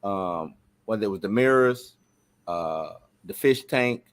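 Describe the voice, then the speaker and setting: A man co-hosting a casual show review, talking in a relaxed, conversational way. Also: lowish voice, a little slow. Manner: relaxed, conversational, "you know what I'm saying". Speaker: podcast co-host. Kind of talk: casual chat.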